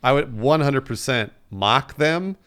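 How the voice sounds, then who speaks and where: A man hosting a podcast, chatting casually and telling bits with animated, laughing energy. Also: medium pitch, unhurried, clear, resonant tone. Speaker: podcast host. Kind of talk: casual chat.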